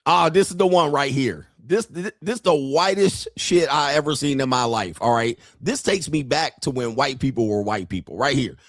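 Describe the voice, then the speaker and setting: Brash, animated male streamer, dry sound. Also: mid-range voice, moderate pace, few pauses, dry recording. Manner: brash, profane and rambling, with frequent laughter; talks straight to viewers. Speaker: live-stream host. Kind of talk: casual live-stream commentary.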